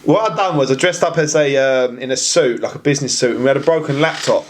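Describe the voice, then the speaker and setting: A man telling a story on a podcast in casual chat, acting out the voices of the people he quotes. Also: quick pace. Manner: animated, acts out quoted voices with big pitch jumps. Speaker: podcast guest.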